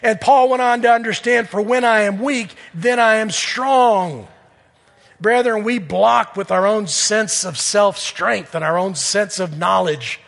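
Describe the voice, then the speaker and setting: A man preaching a sermon in earnest, swinging from loud appeals to hushed near-whispers. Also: high-pitched, measured pace, creaky, big-room sound.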